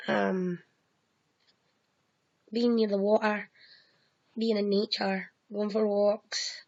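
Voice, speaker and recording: A woman in her thirties talks slowly to camera, her voice gravelly with fry. She pauses on frequent ums and swears bluntly now and then. The home recording sounds dull and lo-fi. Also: medium pitch, little pitch movement, darkish tone. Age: 30s. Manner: halting, frequent ums, swears when heated. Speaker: vlogger. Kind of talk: answering questions to camera.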